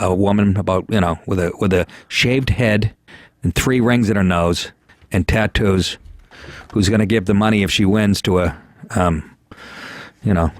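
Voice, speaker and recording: A man's voice: on the low side, dry recording, clean studio sound. A man hosting a radio call-in show, brash and joking, laughing a lot and tripping over his words. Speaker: radio talk show host. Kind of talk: casual call-in talk.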